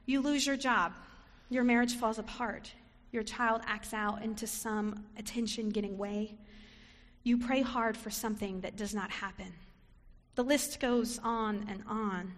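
With a little high, steady voice and an unhurried pace, a woman preacher offers a reflective sermon, at times acting out short quoted lines. The church sanctuary around her adds a long reverb.

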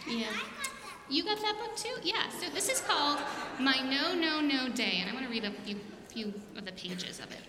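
Lady pastor doing a sermon, kinda high voice, echoey sanctuary. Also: animated, moderate pace, background noise. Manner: warm, questioning, leads repeat-after-me prayer. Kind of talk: sermon and children's message. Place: church sanctuary. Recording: echoey hall with long reverb.

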